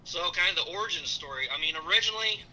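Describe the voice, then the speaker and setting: A middle-aged man on a casual call-in chat as a guest, rambling and halting with restarts. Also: high-pitched, background noise.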